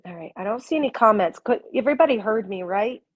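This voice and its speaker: A woman's voice: mid-range voice, animated, fast, highs cut off. A woman working as a spiritual reader and channeler, talking live to her viewers in the comments in an effusive way with frequent exclamations and laughter. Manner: speaks directly to viewers in the comments. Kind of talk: live-stream spiritual talk.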